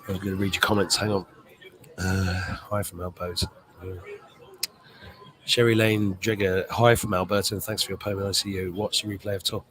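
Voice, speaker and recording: A man's voice: low-pitched, level tone, normal speed, fairly bright tone, poor audio. A man hosting a casual livestream, chatting rambly and swearing freely while reading viewer comments at an airport. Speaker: show host.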